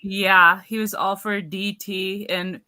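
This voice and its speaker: Bright-voiced woman, matter-of-fact. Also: mid-range voice, little pitch movement, takes it slowly, clean tone. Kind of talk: casual chat.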